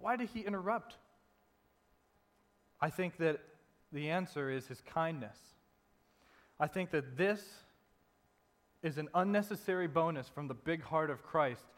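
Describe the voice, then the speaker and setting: A man preaching a sermon in a conversational way, dropping soft and low to stress a point. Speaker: pastor. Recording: long reverb in a hall.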